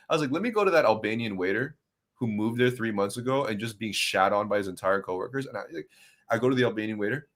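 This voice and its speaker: Animated man telling stories. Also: medium pitch, quick pace. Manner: animated storytelling with mocking impressions. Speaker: guest. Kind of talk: casual conversation.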